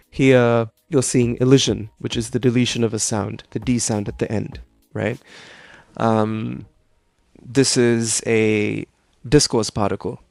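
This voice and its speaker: A man's voice: mid-range voice, gravelly, a little mellow, no room sound. A young adult man tutoring a student one-on-one over a video call, explaining at length and tagging his sentences with "right?".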